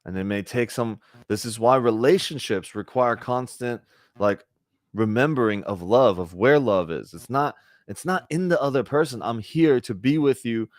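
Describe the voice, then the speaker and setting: A man's voice: medium pitch, moderate pace, no room sound, studio quality. A man giving a conversational spiritual talk to a group, often checking in with "right?" and acting out little bits of dialogue. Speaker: spiritual teacher.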